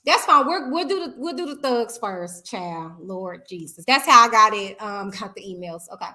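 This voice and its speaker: A woman in her thirties hosting a live-stream chat show, talking in a lively, chatty way with many fillers and tag questions. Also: mid-range voice, moderate pace. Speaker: talk show host.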